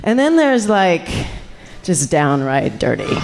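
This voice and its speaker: A middle-aged woman, a sexuality educator, telling a story live to an audience in an animated way, laughing and chatting with the crowd. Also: fairly low pitch, unhurried.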